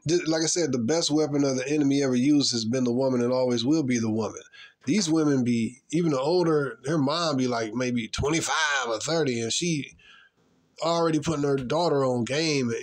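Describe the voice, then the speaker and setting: A man giving his opinions in a rambling, emphatic casual monologue, full of slang. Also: mid-range voice. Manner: rambling, emphatic, slangy, mocking put-on voices.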